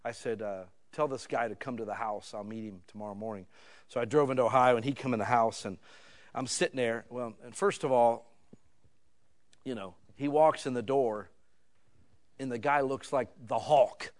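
Middle-aged american guy preaching, chatty storytelling, goes from soft to fired up. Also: mid-range voice, moderate pace, long pauses. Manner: conversational storytelling, shifts from quiet to loud and heated. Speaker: pastor. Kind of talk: sermon with personal story.

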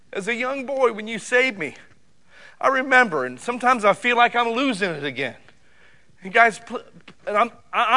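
A middle-aged man preaching a sermon, animated, with loud bursts and sudden drops to quiet. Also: on the high side. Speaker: pastor.

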